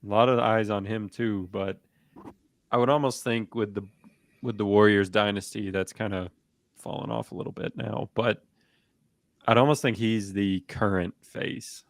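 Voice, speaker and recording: A man co-hosting a sports podcast, rambling in a relaxed way with lots of fillers and restarts. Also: lowish voice, normal speed, no room sound. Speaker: podcast co-host. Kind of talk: casual sports chat.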